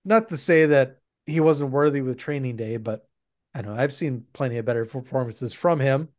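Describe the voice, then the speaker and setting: A man's voice: medium pitch, normal speed, darkish tone. A man hosting a podcast, blunt and sardonic in casual chat. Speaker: podcast host.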